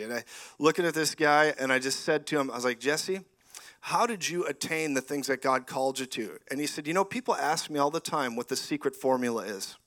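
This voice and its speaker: A middle-aged man preaching a lively charismatic sermon, animated and often laughing, rising to loud exclamations. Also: medium pitch.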